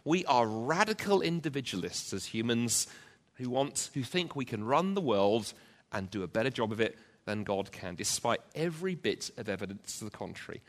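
A man preaching an emphatic sermon to a church congregation, driving points home with rhetorical repetition. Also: mid-range voice. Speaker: pastor. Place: church, also live-streamed.

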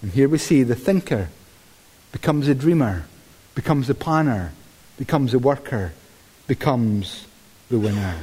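A male preacher giving a sermon in a lively, conversational way, with dry humour and repeated words, in a church hall. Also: mid-range voice, unhurried, long pauses, slightly rough.

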